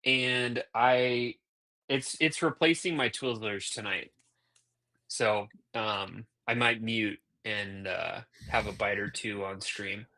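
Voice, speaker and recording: A man's voice: fairly low pitch, takes it slowly, sharp tone. A man co-hosting a live stream, chatting in an easygoing way and laughing often. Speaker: co-host. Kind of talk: casual stream chat.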